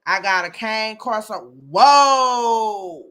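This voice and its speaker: A woman with a high-pitched, sharp-toned voice speaks slowly as host of a casual live chat room. She exclaims often and addresses listeners by name.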